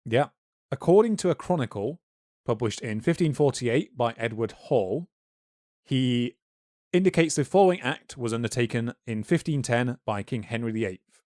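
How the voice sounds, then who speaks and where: A man talks through history for a podcast in a relaxed, lecturing manner, full of small asides and fillers. His voice sits at an ordinary middle pitch. The sound is close and dry. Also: moderate pace, no echo. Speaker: podcast co-host. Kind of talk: casual history podcast explaining.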